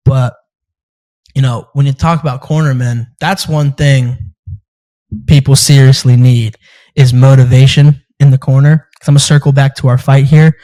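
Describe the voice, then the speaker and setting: A young man hosting a casual chat, telling animated stories, laughing often and swearing casually. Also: medium pitch, moderate pace, poor audio. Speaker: podcast host and amateur fighter.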